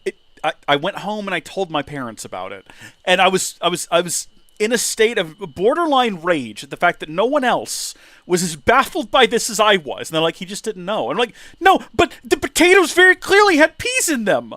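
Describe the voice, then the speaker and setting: A man chatting casually over gameplay, animated and prone to high excited exclamations. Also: fairly quick, dry recording. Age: 30s. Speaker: let's play streamer. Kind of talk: casual gameplay commentary and storytelling.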